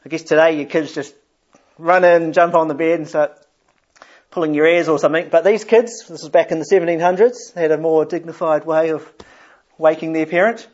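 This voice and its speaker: A man delivers a sermon with a fairly high voice. He talks in a conversational way and restarts phrases as he goes. The recording sounds dull and lo-fi. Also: a little fast, darkish tone. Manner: conversational, repeats words while thinking. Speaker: preacher.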